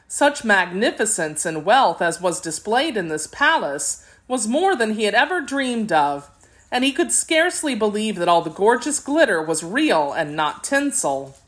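A woman narrates a classic children's book for an audiobook. Her reading is measured and expressive, with a lively, moving pitch that follows the story. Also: husky. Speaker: audiobook reader.

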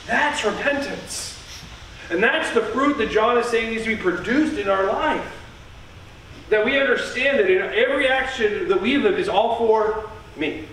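Earnest high-voiced pastor in echoey church. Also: male voice, moderate pace, fairly bright tone, a little hiss or hum. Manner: earnest, emphatic, with repeated phrases. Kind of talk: sermon. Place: church sanctuary. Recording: echoey church heard from a distance.

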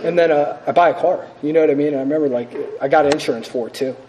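Fast-talking man telling his recovery story. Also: a little high, very noisy. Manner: earnest, self-mocking, full of fillers. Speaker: recovery meeting speaker. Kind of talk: personal testimony talk.

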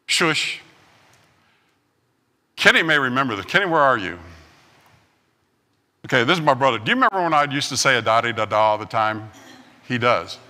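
A man preaching a sermon as pastor, telling stories with acted-out quotes and lively swings in delivery. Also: medium pitch, a little fast, pauses often, long reverb tail. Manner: animated storytelling with acted-out quotes. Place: church sanctuary.

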